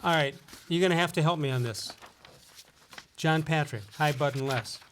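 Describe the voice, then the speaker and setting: Brief: middle-aged host, a touch high-pitched, jokey and chuckling, reads corny puns to his cohost. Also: normal speed, a bit bright, a little hiss or hum. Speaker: talk show host. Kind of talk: casual radio banter, reading listener jokes.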